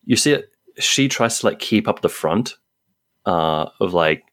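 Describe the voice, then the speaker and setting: A man running a tabletop game as game master, narrating quickly and casually with many fillers. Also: deep voice, lively intonation, a bit bright.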